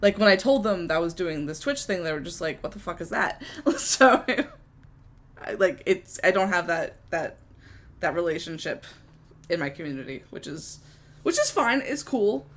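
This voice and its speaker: A woman co-hosting a podcast in casual chat, chatty and quick to react, with casual swearing. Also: fairly low pitch, very animated. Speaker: podcast co-host and streamer.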